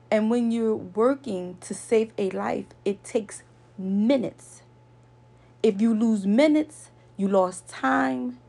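Woman, casual vlog storyteller, gravelly texture, earnest lecturing delivery with lots of repetition. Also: medium pitch, darkish tone. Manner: earnest, lecturing, repeats points for emphasis. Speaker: vlogger.

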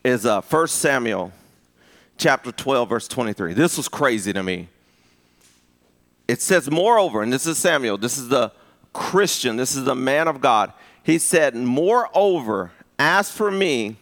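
A man preaching a live sermon, conversational and full of restarts, rising to high emphatic peaks. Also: sing-song, a little slow, long pauses, a bit bright. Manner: conversational with repeated restarts and rhetorical asks. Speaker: pastor.

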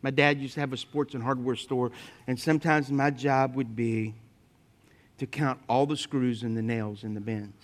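A man preaching a sermon, telling humorous personal stories to his congregation and swinging between loud emphatic points and quiet asides. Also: medium pitch, moderate pace. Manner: lively storytelling with humor, speaking to the congregation. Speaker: pastor.

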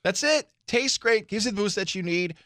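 A man co-hosting a sports radio show, bantering casually and slipping into sponsor reads, expressive and dropping low for mock-serious asides. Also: normal speed, no room sound, clean studio sound.

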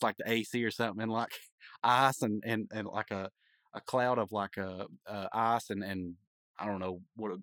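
A man hosting a podcast, casually recapping a cartoon episode, rambling with frequent laughs and quick acted-out lines. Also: fairly low pitch, a bit bright, dry recording.

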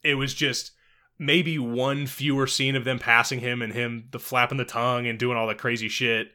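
A man co-hosting a casual podcast about a movie, animated and profane, laughing often. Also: mid-range voice, normal speed. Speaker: podcast co-host. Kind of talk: casual film discussion.

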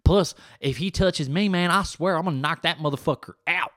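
A man voicing a brash, boastful athlete who talks loud and cocky and swears. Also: on the high side, a little fast, dry recording, studio quality, pitched above the performer's own voice, natural voice. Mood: indignant.

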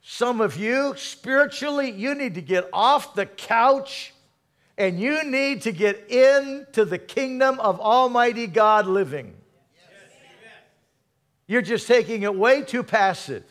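A male pastor preaching a sermon, calling out to the congregation and swinging from soft murmurs to loud exhortation. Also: very high-pitched, expressive, slow. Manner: preaching with call-and-response and dramatic swings in volume.

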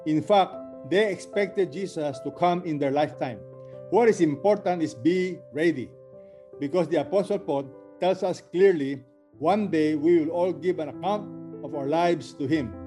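A man's voice: fairly high pitch, moderate pace, mellow, faint music behind. A man closing a sermon, earnestly urging the listeners to be ready. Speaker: preacher.

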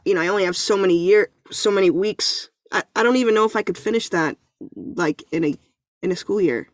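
Woman, 30s, podcast guest; chatty and self-deprecating, mid pitch, dead-dry recording. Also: dry recording. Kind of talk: casual chat.

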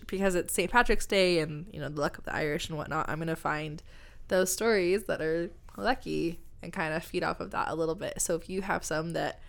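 A woman hosting a podcast with a slightly low voice. She talks casually, rambling through fillers and giggling between thoughts. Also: vocal fry, fairly bright tone. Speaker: podcast host. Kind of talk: casual chat.

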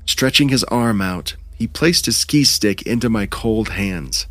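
A man narrating a first-person horror story in a measured, tense way. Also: fairly low pitch, expressive, a bit bright, no echo.

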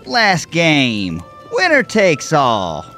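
A cocky young gambler, sly and coaxing, his voice leaping up and down in pitch, as a woman narrator plays him. It sounds bright and a little sharp. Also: huge pitch swings, extremely slow, faint music behind, full character voice.

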